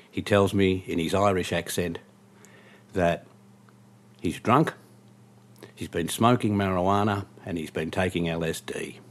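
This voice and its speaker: Deep-voiced man telling a story. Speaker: taxi driver. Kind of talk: spoken anecdote storytelling.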